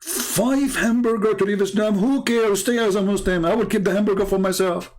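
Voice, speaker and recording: A man with a fairly high voice tells a mocking story to his audience. He is sarcastic and jokey, hosting his own live debate channel. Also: fairly even intonation, a little fast, darkish tone.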